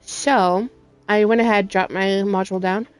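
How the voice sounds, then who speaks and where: A woman's voice: mid-range voice, steady tone, normal speed, faint music behind. A woman hosting her gaming channel, casually talking through a game build with lots of ums and restarts. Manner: rambling with frequent ums. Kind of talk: casual gameplay commentary.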